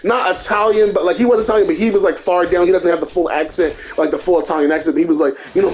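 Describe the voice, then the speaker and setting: A young man telling a personal story in casual, animated talk, swearing and piling on fillers. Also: sits high, racing, few pauses. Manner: animated, profane, lots of fillers and restarts.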